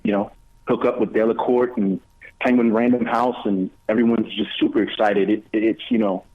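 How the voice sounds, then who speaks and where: A man with a fairly low voice comes through a thin, phone-like line. He talks in an easy, halting way and keeps pausing with fillers while he searches for words. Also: vocal fry. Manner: relaxed and hesitant, many fillers. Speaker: guest actor and author. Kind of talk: interview by phone.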